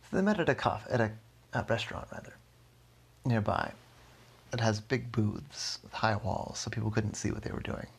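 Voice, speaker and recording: Male storyteller, low husky voice, soft rambling bedtime-story delivery. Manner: slow, rambling, with self-corrections.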